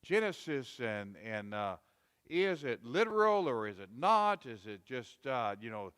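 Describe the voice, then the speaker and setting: A man's voice: medium pitch, big pitch swings, a little slow, a bit bright, smooth, in a large hall. A man preaching a sermon in a folksy, repetitive way, rising to emphatic quoted rebukes. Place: church sanctuary.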